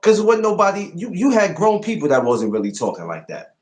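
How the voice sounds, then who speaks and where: A man's voice: sits high, fairly quick. A man hosting a podcast, chatting casually, telling stories and asking probing questions. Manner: animated storyteller, asks probing questions. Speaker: podcast host.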